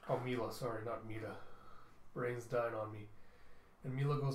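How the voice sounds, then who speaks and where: A man's voice: medium pitch, steady tone, brisk, pauses often, reverberant. A man reading through a comic book, narrating the panels and voicing each character as he goes. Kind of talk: dramatic comic readthrough.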